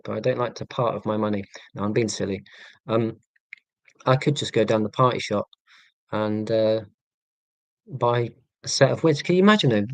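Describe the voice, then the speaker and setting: Monotone man, dry humour. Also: lowish voice, dry recording. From England. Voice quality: monotone delivery. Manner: dry, self-deprecating humour. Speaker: live streamer. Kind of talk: casual live-stream chat.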